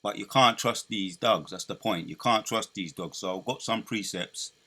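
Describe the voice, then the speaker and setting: A man preaching commentary, emphatic and repetitive, building up to loud declaiming as he reads scripture. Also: lowish voice, moderate pace.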